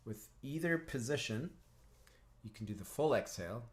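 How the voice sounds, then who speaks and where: On a livestream, a man who teaches didgeridoo and works as a counsellor gives a calm, instructive breathing lesson at a medium pitch and normal speed. He often clears his throat and greets viewers in the chat, with a little hiss or hum in the audio.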